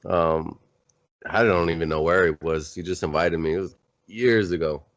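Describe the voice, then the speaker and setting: Brief: man, very low voice, laid-back podcast talker, profane, muffled lo-fi sound. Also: fairly even intonation, normal speed. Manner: laid-back, swears freely. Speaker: podcast co-host. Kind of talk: casual chat. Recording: dull lo-fi sound.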